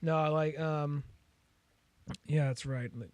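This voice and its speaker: A man's voice: fairly high pitch, fairly even intonation, takes it slowly, no room sound. A man co-hosting a podcast, chatting casually in a rambling, hesitant way full of fillers. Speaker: podcast co-host. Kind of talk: casual chat.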